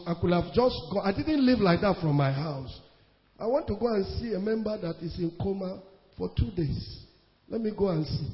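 A Nigerian pastor preaching with a high, emphatic voice that swings between loud bursts and hushed asides, repeating his lines for weight. The sound is dull and lo-fi, with a long reverb trailing off the hall. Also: lively intonation, normal speed, faint music behind. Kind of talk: sermon.

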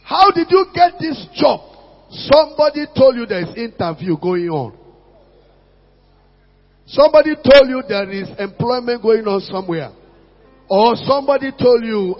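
High-voiced preacher, husky and echoing. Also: male voice, expressive, moderate pace, long pauses, faint music behind. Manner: preaching with call-outs to the congregation. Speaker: pastor. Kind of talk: sermon. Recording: muffled lo-fi recording in a reverberant hall.

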